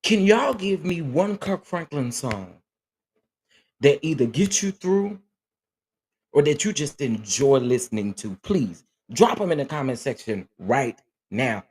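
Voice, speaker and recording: A man's voice: mid-range voice, big pitch swings, measured pace, a little mellow, slightly rough. A man hosting a casual livestream chat, talking earnestly and emotionally, often repeating himself as he answers viewers. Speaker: livestream host.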